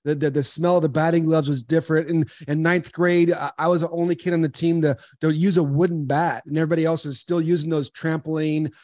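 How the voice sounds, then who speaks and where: A man in his forties from Southern California, a podcast guest telling earnest, animated stories with frequent restarts. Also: fairly high pitch, quick pace, hardly any pauses, dry recording, studio quality. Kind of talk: casual interview storytelling.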